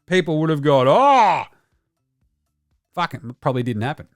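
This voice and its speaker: A man's voice: on the high side, quick pace, dry recording, clean studio sound, faint music behind. A man with an Australian accent hosting a casual basketball show, ranting with a lot of swearing. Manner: profane, ranting. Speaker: host.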